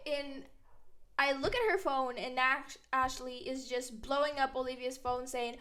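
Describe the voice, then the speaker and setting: A young woman casually telling a story-time tale in a brash, profane, animated way, acting out the others' lines. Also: high-pitched, a little slow. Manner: brash, profane, animated retelling with quoted voices. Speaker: storyteller vlogger.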